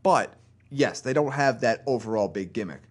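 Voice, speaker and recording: A man's voice: mid-range voice, expressive, moderate pace. A man co-hosting a podcast in casual chat, bantering and conversational. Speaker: podcast co-host.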